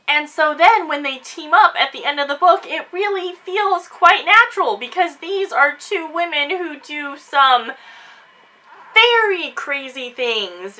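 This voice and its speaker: A woman chatting casually in a book discussion vlog, animated and quick to act out quotes. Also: very high voice, rough recording. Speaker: book reviewer.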